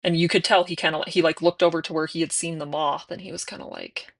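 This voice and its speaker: A young adult woman chatting casually while doing her nails, now and then slipping into soft whispers. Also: sits low, steady tone, quick pace. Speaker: nail vlogger.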